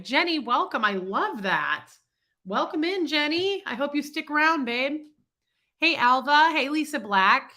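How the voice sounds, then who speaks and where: A woman's voice: a little high, pushed and bright. Congested woman chatting on a livestream. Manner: chatty, greets viewers by name. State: congested, sick voice. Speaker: livestream host. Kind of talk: casual livestream chat reading comments.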